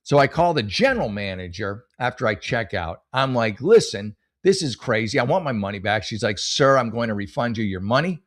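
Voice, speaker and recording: Brisk and barely pausing, this middle-aged podcast host has a mid-range voice with lively intonation. He rambles through comedic stories, cursing a lot and restarting often, in a casual monologue.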